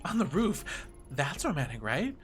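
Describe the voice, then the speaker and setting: A man voicing a giddy, gossip-loving young woman desk officer who talks in an excited, gushing way. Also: fairly high pitch, measured pace, faint music behind.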